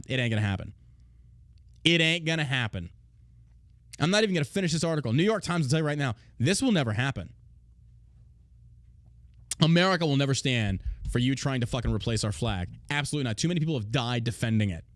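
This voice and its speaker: A man's voice: medium pitch, lively intonation, fast, dry recording. Guy ranting on his podcast, swears a lot, blunt and mocking, mid voice, dry sound. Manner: blunt and heavily profane; loud, mocking outbursts. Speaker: podcast host. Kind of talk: casual podcast rant.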